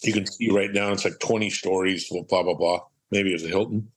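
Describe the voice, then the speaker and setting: A man's voice: low-pitched, fairly even intonation, brisk, husky, rough recording. A middle-aged man from Southern California, a podcast guest, telling rambling, profane anecdotes and acting out the quotes. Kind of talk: casual storytelling.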